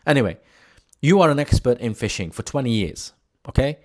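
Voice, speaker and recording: A Hungarian man with a Hungarian accent mixed with British English, telling stories to camera in a lively, laughing way. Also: medium pitch, brisk. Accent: Hungarian, with British English traces. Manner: animated, laughing, mimics shouting in anecdotes. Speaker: entrepreneur speaking to camera. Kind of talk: casual storytelling talk to camera.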